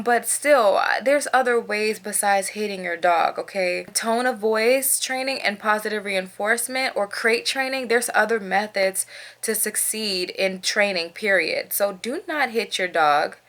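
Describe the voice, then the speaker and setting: A young woman from Maryland giving frank, animated dog-training advice in a casual vlog. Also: mid-range voice. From Maryland, USA. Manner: frank, animated, laughs between points. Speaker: dog owner vlogger.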